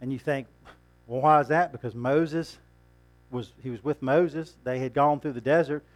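A man's voice: medium pitch, fairly even intonation, moderate pace, darkish tone, soft background music. A man preaching a sermon in a conversational way, asking rhetorical questions and chuckling now and then.

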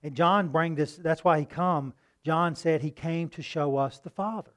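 A man's voice: fairly high pitch, moderate pace, a bit bright. Man preaching in a casual, questioning way. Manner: conversational preaching with rhetorical questions and restarts. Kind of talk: sermon.

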